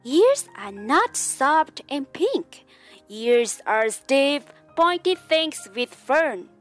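A woman's voice: high-pitched, big pitch swings, faint music behind, exaggerated voice. A mother doing a sly, scoffing storybook fox. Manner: brisk, snappish and mocking.

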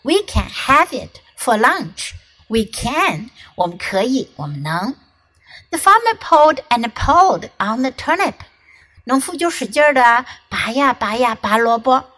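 A young woman teaching English to children. She reads a picture book aloud slowly and expressively, then explains each line. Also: fairly high pitch, low-quality recording. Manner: slow, expressive storybook reading with bilingual explanations.

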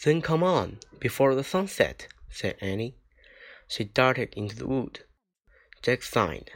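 Slow, careful man reading a storybook. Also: medium pitch, animated, creaky, a bit bright. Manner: slow, careful reading with small slips and restarts. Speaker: reader. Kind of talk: reading a children's book aloud.

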